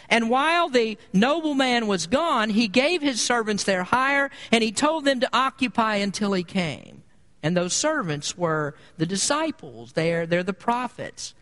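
A man preaching a sermon, emphatic and building to loud peaks on repeated phrases. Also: high-pitched, lively intonation, normal speed. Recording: long hall reverb.

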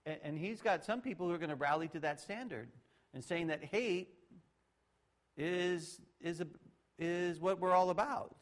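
A middle-aged male pastor giving a conversational sermon, shifting between loud sarcastic mock voices and low asides. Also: normal speed.

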